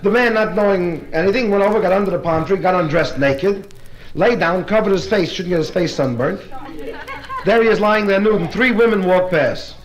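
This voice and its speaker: A male comedian doing live stand-up at a private party, rattling briskly through joke after joke. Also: high voice, rough recording.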